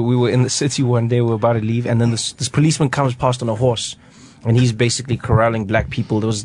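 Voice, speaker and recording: South African comedian telling stories. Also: male voice, medium pitch, darkish tone, no room sound. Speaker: guest comedian. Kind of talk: storytelling on a talk radio show. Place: radio studio.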